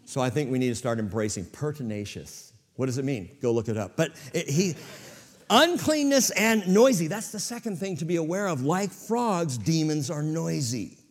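A man's voice: a little high, animated, normal speed, big-room sound. A man preaching a sermon as pastor to a church congregation, with dramatic swings in volume.

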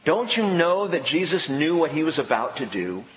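A man preaching a sermon in an emphatic way, with dramatic pauses and sudden drops to a hushed voice. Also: a little high, sing-song. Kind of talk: expository sermon. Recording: echoey hall with long reverb, faint background noise.

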